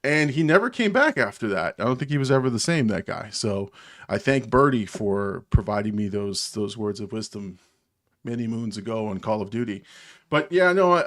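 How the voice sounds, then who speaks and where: A man with a New Jersey accent hosts a live stream and chats casually with his viewers. He rambles from one thing to the next and chuckles often as he talks. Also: lowish voice.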